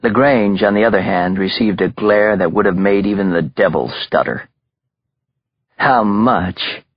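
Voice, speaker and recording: Deep husky male audiobook narrator. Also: normal speed, dry recording, lo-fi sound. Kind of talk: scripted narration.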